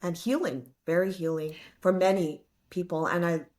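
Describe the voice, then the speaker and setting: Comedian guest, woman in her late forties, lively storyteller with a slightly low pitch. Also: moderate pace. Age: 40s. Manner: lively storyteller, acts out voices. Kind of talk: casual podcast interview.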